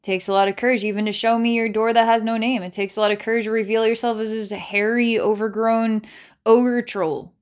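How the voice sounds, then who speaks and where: A psychic reader gives a channelled reading to camera in a fairly high, level voice at a fairly quick pace. She rambles, repeats herself, restarts phrases, and breaks into laughter, switching between dramatic challenges and coaxing.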